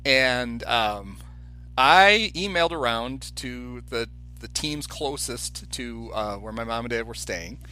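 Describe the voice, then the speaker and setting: A man's voice: medium pitch, slow, soft background music. A man co-hosting a podcast, telling a story in casual chat and acting out the people in it. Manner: animated anecdote teller, acts out quoted voices. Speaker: podcast co-host.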